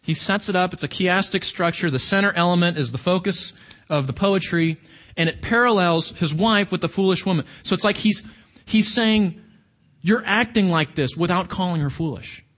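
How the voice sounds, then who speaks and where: A man's voice: high voice, normal speed, fairly bright tone. A man preaching a sermon in a conversational, emphatic way, with rhetorical questions to his listeners.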